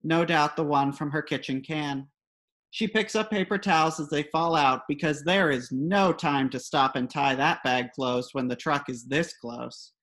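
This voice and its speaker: A woman's voice: low-pitched, unhurried, a bit bright. A woman reading her own comic personal essay aloud in a wry, dry storytelling manner.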